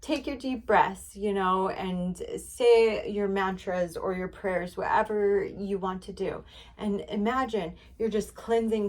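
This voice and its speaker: A woman's voice: medium pitch, takes it slowly. Chatty woman giving a spiritual reading. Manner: chatty, rambling, many fillers; encouraging, repetitive. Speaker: spiritual card reader.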